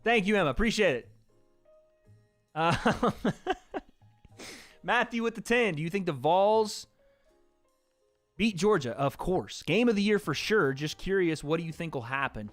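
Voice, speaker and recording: A young man chats loosely on his livestream, thanking viewers, laughing easily and swearing now and then. His voice sits a little high and sounds dry and close. Faint music plays beneath him. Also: lively intonation, moderate pace, long pauses, dry recording. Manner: laid-back, laughs often, swears casually. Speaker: livestream host reading donations. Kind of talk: casual livestream chat.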